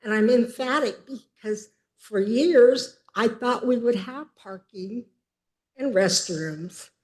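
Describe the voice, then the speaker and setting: A woman in her seventies speaking at a city council meeting, emphatic and upset, pausing as she tries to hold herself together. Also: fairly high pitch, a little mellow. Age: 70s. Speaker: public commenter. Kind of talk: public comment at a council meeting.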